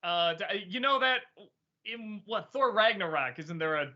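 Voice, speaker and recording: A man hosting a livestream, answering viewer questions in a halting, stop-start way with frequent laughs. His tone is bright and forceful with animated rises and falls, heard through dull, lo-fi stream audio. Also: high-pitched. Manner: hesitant, many restarts and laughs. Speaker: host. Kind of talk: casual livestream chat.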